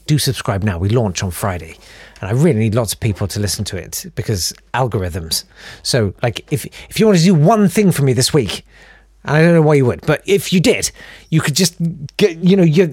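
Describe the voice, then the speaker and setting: A man's voice: mid-range voice, dry recording, studio quality. A man hosting a podcast in a casual chat, reading out listener emails with chatty, self-deprecating, rambling asides. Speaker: podcast host.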